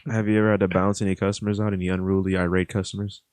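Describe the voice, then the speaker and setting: A man hosting a casual podcast, asking questions and chiming in with relaxed, slangy agreement. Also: low-pitched, very fast, no echo. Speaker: podcast host.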